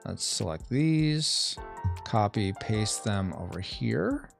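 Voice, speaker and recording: Lively man chatting through an art stream. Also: fairly low pitch, takes it slowly, vocal fry, faint music behind. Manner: thinks aloud, reads chat, playful sound effects. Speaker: streamer and podcast host. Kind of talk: casual live-stream chat while drawing.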